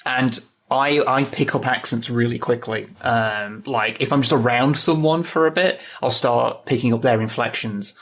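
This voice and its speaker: A man with an English accent, a podcast guest chatting casually in a measured, wry way. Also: medium pitch, a bit bright. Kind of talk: casual chat.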